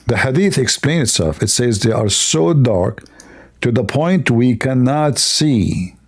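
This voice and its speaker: An animated man with a medium-pitched voice hosts a casual livestream at an unhurried pace. His English is broken and non-native, and he rambles with a sarcastic edge.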